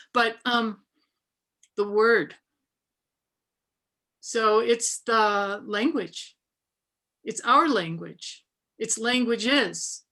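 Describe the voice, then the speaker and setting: Bright-voiced woman in reflective talk. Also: mid-range voice. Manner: reflective, many fillers and restarts, animated when storytelling. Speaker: book artist giving a talk. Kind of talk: conversational panel talk over video.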